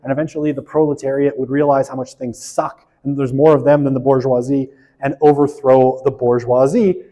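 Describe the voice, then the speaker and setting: A man's voice: medium pitch, flat delivery, brisk, mellow, in a large hall, poor audio. A man giving a casual university sociology lecture, chatty and self-deprecating, often checking in with "right?". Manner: chatty, frequent "right?" tag questions, self-deprecating asides.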